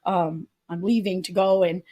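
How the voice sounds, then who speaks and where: A woman's voice: fairly low pitch, steady tone, moderate pace, mellow, highs cut off. A middle-aged woman, a podcast guest, earnestly telling a personal story and acting out the people she quotes. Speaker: podcast guest, public advocate. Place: retreat venue.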